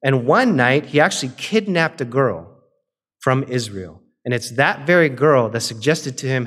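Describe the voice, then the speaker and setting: A man's voice: mid-range voice, lively intonation, breathy edge. A man preaching, who retells scripture in casual everyday speech and acts out the quoted characters. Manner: slows and softens into a quiet, drawn-out litany near the end. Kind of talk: sermon.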